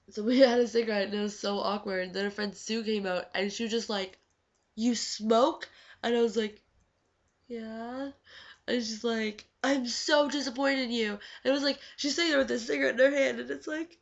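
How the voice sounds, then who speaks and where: A teenage girl chatting casually in a vlog, full of "like" fillers and acted-out quotes. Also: medium pitch. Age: teens. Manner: chatty, lots of "like", acts out quoted talk. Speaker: vlogger. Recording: dull lo-fi webcam audio.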